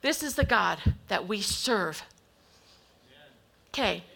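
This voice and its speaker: A woman's voice: mid-range voice, lively intonation, takes it slowly, vocal fry, bright, forceful tone. A woman preaching a sermon to her congregation, emphatic and acting out the voices of God and worried people.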